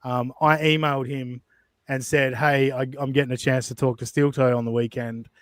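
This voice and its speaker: A man's voice: medium pitch, little pitch movement, moderate pace, no room sound. A man hosting a casual commentary podcast, blunt and profane as he talks. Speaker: podcast host.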